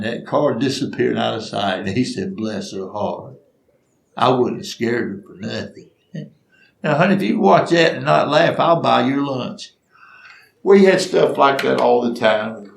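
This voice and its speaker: A man's voice: medium pitch, vocal fry, reverberant, a little hiss or hum. An older man telling funny personal stories in a folksy way, acting out the voices. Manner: folksy, acts out voices, laughs at his own stories. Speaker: storyteller. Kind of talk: humorous personal storytelling.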